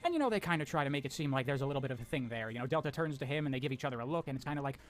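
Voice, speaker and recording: A man briskly recapping a game's story with blunt, sarcastic commentary and casual swearing. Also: mid-range voice, expressive. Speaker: video essayist narrating a story recap.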